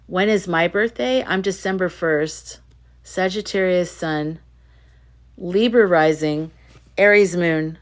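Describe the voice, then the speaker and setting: With a fairly low voice and a slow pace, this woman runs a laid-back livestream. She talks with viewers and reads their comments forcefully, often circling back to repeat herself.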